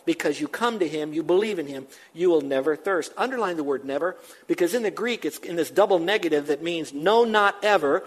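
Emphatic older male preacher. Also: sits high. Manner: emphatic, with fast repeated phrases and sudden drops to a hush. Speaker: pastor. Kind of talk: sermon.

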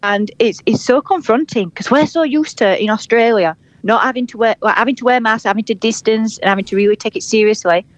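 A woman's voice: a little high, fairly quick, few pauses, no echo, lo-fi sound. A woman with a Yorkshire accent from Huddersfield, co-hosting a casual podcast chat remotely, blunt and cheeky with broad northern slang and frequent laughter. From England, Huddersfield. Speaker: podcast co-host. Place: at home in England, calling in remotely.

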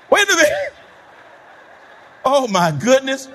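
A pastor preaching a sermon, animated, repeating words and laughing between points. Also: male voice, high-pitched, measured pace.

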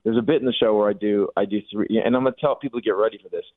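A man's voice: on the low side, racing, dry recording. A man, a comedian guest calling in, telling stories in a rambling, self-interrupting way. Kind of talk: casual radio interview. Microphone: phone call. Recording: tinny phone line.

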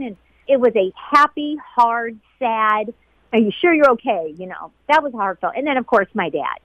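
A woman who was a flight attendant, being interviewed about a painful day. She talks in a halting, emotional way and often repeats herself. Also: high-pitched, expressive, a bit bright, no echo. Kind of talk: emotional personal recollection. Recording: dull lo-fi sound.

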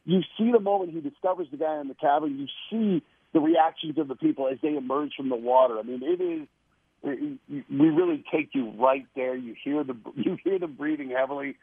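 Male guest on a phone-in, husky and dry, enthusiastic, repeats himself. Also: fairly high pitch, a little fast, no echo. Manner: enthusiastic, repeats words when excited. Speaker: guest promoting a TV show. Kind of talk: casual radio interview. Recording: tinny phone-line sound.

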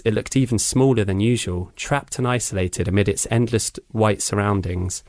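A man narrating a children's adventure book with measured, dramatic pacing. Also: lowish voice, a little mellow, no room sound. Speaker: audiobook reader. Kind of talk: storybook narration.

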